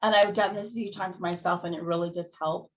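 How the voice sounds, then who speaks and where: A woman giving a conference talk that walks listeners through calming techniques, speaking in a gentle, guiding way and chuckling often. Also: on the low side, fairly quick. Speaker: plenary speaker. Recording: dull lo-fi audio.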